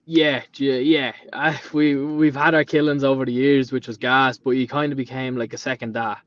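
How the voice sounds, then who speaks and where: A man's voice: mid-range voice, little pitch movement, normal speed, a bit bright, no echo. Rambling Dublin man in his late twenties. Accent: Dublin Irish. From Ireland. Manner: rambling storyteller who acts out quoted dialogue. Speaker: podcast guest, painter and decorator. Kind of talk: casual chat. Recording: dull lo-fi sound.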